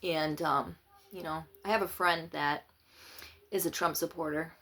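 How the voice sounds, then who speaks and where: A woman's voice: sits low, steady tone, a little slow, a bit bright. A woman giving opinionated, sarcastic political commentary in a casual vlog. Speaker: political vlogger.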